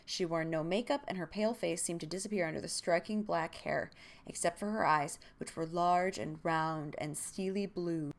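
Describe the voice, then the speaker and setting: A woman's voice: lowish voice, normal speed, gravelly. A young woman hosting a comedic book-recap show, retelling the story with sarcastic jokes and asides. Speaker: podcast host.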